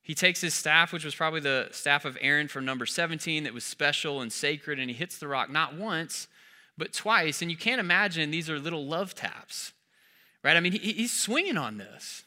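A pastor preaching in a very bright, sharp voice that sits a little high for a man. He delivers his sermon with emphasis, asking the listeners question after question. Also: lively intonation, moderate pace.

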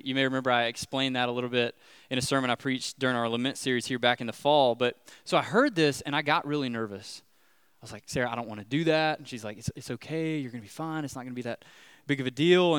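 A man's voice: mid-range voice, a bit bright, clean tone, no echo. A man in his thirties giving a sermon as a pastor, telling a personal story in a loose, chatty way with lots of fillers before turning to the scripture passage. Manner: casual storytelling with many fillers, rising animation when retelling scary moments.

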